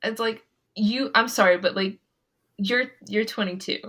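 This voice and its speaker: A young woman co-hosting a podcast, talking casually with quick asides and lots of filler words. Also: mid-range voice, a bit bright. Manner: chatty, giggly, quick asides, many "like" fillers. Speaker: podcast co-host. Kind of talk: casual chat.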